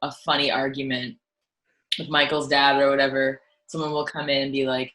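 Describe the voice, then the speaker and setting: A woman musician chatting as an interview guest, telling stories in an animated way with frequent "like"s and restarts. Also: a bass voice, normal speed, a little hiss or hum, rough recording. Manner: animated storytelling, lots of "like" and restarts. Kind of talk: casual interview chat.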